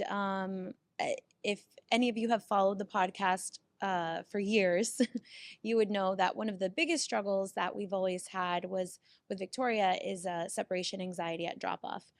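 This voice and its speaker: A woman's voice: medium pitch, fairly even intonation, moderate pace, dry recording, clean studio sound. A woman guest on a podcast, telling a heartfelt, rambling story in casual chat.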